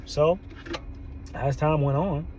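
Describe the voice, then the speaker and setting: A man, a therapist and podcast host, telling a story in an animated way, often laughing and quoting people. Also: fairly high pitch, takes it slowly, noisy background. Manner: animated, laughs often, quotes people in their own voices. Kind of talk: storytelling monologue.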